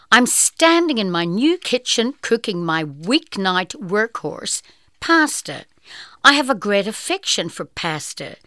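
A woman reading a first-person food column aloud in a lively, unhurried way. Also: medium pitch, no room sound, clean studio sound. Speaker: reader of magazine columns.

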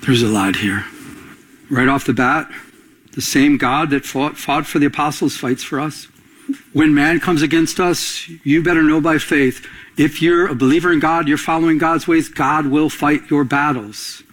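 A man's voice: fairly high pitch, steady tone, normal speed, fairly bright tone, rough recording. A middle-aged male pastor preaching a sermon, quizzing his listeners and answering himself, climbing to emphatic peaks. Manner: call-and-response preaching, rising to emphatic peaks.

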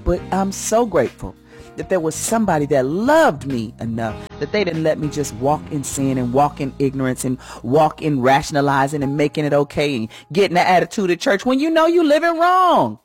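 A woman's voice: deep voice, a little mellow. Fervent woman preaching on morning radio. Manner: fervent, folksy, swoops up and down for emphasis. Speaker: radio host and church first lady.

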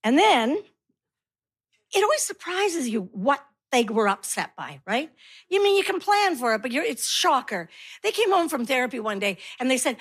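Woman, high voice, middle-aged, stand-up comedian, animated storytelling. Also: moderate pace, husky.

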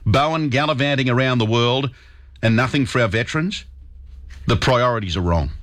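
A man's voice: mid-range voice, moderate pace, fairly bright tone. An Australian man hosting talkback radio, speaking emphatically and with indignation as he takes callers.

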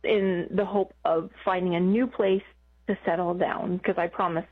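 A woman calling in to an advice show, talking haltingly with many restarts and emotion in her voice. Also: lowish voice, steady tone, husky, soft background music. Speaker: caller. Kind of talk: phone-in advice call. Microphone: telephone. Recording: tinny phone line.

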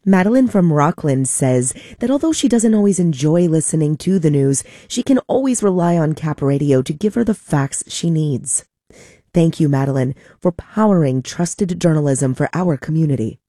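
A woman station announcer reading scripted promos in a smooth, friendly way. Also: low-pitched, expressive, normal speed, mellow, no room sound, clean studio sound.

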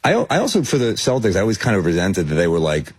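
A man with a low, husky voice co-hosts a loose sports chat. His delivery is casual and blunt, full of quick asides. The sound is dry and close to the mic. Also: very animated, no echo. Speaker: sports show co-host.

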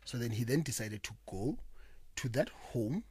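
A man talking in a casual discussion, telling anecdotes in a measured way. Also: mid-range voice, lively intonation, warm tone, slightly rough, no room sound.

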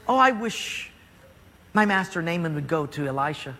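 A man's voice: fairly high pitch, expressive, normal speed, pushed and bright. A man voicing a polite, hopeful young slave girl in a reverberant hall.

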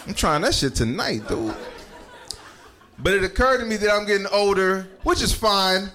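A male stand-up comedian with a fairly high voice that swings widely in pitch. He jokes loosely and bluntly with the crowd, with clear noise from the club behind him. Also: animated, moderate pace, pushed and bright. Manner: loose, profane, talks straight to the crowd. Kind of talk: stand-up set.

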